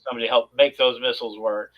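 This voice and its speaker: A man chatting casually on a talk show, spinning an animated personal story full of restarts and asides. His voice sits at an ordinary pitch. The recording is dull and lo-fi. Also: fast. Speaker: podcast co-host.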